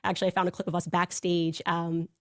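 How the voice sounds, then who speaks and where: A woman telling personal stories in a fast, animated way, acting out the quotes. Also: fairly low pitch, no echo, clean studio sound. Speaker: political commentator. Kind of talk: personal storytelling on a show.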